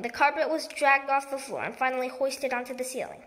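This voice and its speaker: A woman reading a children's book aloud in a lively storytelling manner. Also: high voice, brisk. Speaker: storybook reader.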